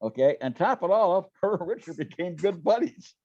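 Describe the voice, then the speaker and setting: A man's voice: high-pitched, expressive, fairly quick, darkish tone, dry recording. Folksy storytelling man, dull lo-fi sound. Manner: folksy, repeats words, acts out quotes. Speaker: guest. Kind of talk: casual storytelling interview.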